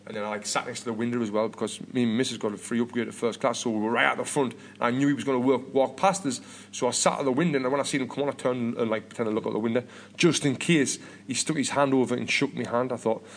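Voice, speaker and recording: A man's voice: medium pitch, steady tone, fast talker, few pauses. A British man in his thirties hosting a podcast, chatting casually and rambling with lots of restarts and repeated words. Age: 30s. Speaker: podcast host.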